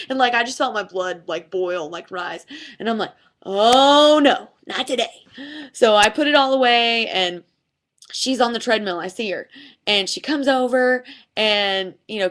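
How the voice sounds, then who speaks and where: A young woman, a fitness instructor, telling a personal faith story to camera in a chatty, animated way, full of "like"s, and acting out what people said. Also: fairly high pitch. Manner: chatty, animated retelling with many "like"s, acting out quotes. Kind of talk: casual devotional storytelling to camera.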